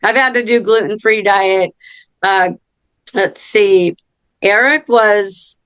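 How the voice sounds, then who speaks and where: A woman's voice: medium pitch, clear, resonant tone, dry recording. A middle-aged woman co-hosting a casual podcast chat, telling family stories in a chatty way. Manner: chatty storyteller, acts out quotes. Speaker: co-host.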